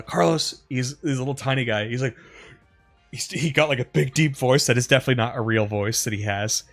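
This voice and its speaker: A man's voice: mid-range voice, a little fast, soft background music. A man streaming gameplay, telling stories in a rambling, profane way full of fillers. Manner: rambling, profane, animated retelling with frequent fillers. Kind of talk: casual storytelling over gameplay.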